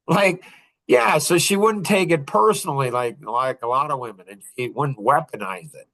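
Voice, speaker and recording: A man's voice: on the high side, normal speed, fairly bright tone. A man in his fifties hosting a podcast, telling rambling stories in casual chat and chuckling often. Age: 50s. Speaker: podcast host.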